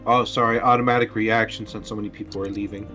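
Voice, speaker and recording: A man's voice: on the low side, flat delivery, quick pace, sharp tone, faint music behind. A man joining a stream on voice chat, bantering and teasing playfully. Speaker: stream guest and narrator. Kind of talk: casual chat.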